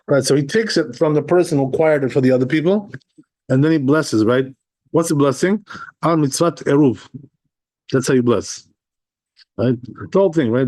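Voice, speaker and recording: A man teaching a religious text class in a casual, talky way. His voice is mellow and dark, never sharp. He reads a line of text, then explains it, and keeps asking "right?" along the way. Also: mid-range voice, brisk, long pauses. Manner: explains step by step, often checking with "right?"; reads Hebrew and Aramaic text, then translates. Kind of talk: conversational Torah class.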